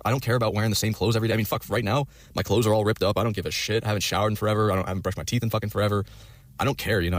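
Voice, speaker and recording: Fast-talking, profane young man. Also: lowish voice, dry recording. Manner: profane, rambling, many fillers. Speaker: vlogger telling a story. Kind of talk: rambling personal storytelling.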